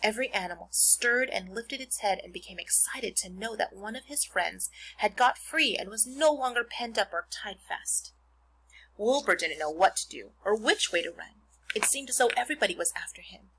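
A woman teacher reading a children's novel aloud to her pupils, expressive and stopping to explain words. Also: mid-range voice, moderate pace, husky, poor audio.

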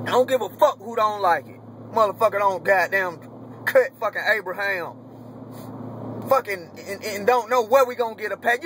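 Brief: young man, profane fan rant, sharp high tone, faint traffic behind. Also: expressive, normal speed. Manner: heated, cursing, shouting bursts. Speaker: sports fan vlogger.

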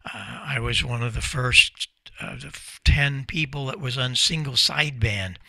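Older man, guest speaker; gravelly, bright, forceful tone, eager storyteller with exclamations. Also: medium pitch, unhurried, no room sound. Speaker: guest speaker at a radio club. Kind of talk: storytelling presentation with slides.

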